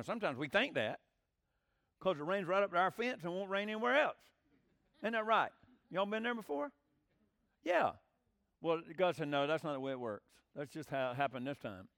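A man's voice: high-pitched, fairly bright tone, dry recording, studio quality. A male preacher, giving a folksy sermon, often asking the congregation questions and acting out quoted voices.

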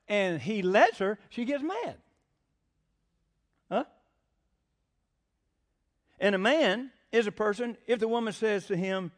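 Lively high-voiced preacher man. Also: measured pace, long pauses. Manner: lively, swinging pitch, acts out quotes; asks the congregation questions. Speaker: pastor. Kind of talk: sermon.

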